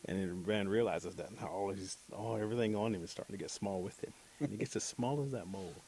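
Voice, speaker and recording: A man telling a folk tale aloud, animated, acting out the characters' lines. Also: lowish voice, quick pace, slight background noise. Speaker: storyteller. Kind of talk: oral storytelling.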